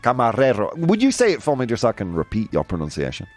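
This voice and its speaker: A man's voice: fairly low pitch, huge pitch swings, quick pace, darkish tone. Playful guy hosting a quiz for his stream chat, voice jumps around a lot, faint music behind. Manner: playful, laughing, reading out viewer answers. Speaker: host. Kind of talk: live-stream game show with chat.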